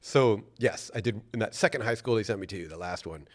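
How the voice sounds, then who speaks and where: A man's voice: on the low side, a little fast. A man from New York City, a company founder, telling stories as a guest in a casual interview, laid-back and profane, laughing often.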